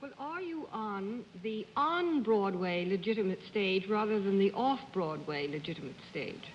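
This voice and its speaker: Lively-voiced woman panelist, old broadcast. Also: medium pitch, unhurried, big-room sound, muffled recording, slight background noise. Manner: precise, probing questions. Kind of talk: panel game questioning.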